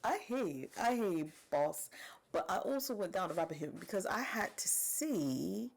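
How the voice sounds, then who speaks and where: A woman in her forties giving animated, chatty reaction commentary and talking straight to her viewers. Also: mid-range voice, normal speed, vocal fry.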